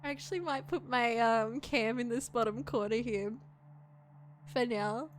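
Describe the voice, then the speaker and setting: A woman's voice: on the high side, unhurried, a little hiss or hum. A woman streaming a video game, reading its text aloud and reacting, swearing often and squealing when something scares her.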